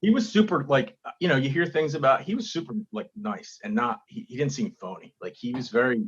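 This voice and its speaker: Husky-voiced man telling a lively story. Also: mid-range voice, brisk, muffled recording. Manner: animated storytelling, acts out quotes. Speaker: stand-up comedian, guest. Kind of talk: casual podcast chat.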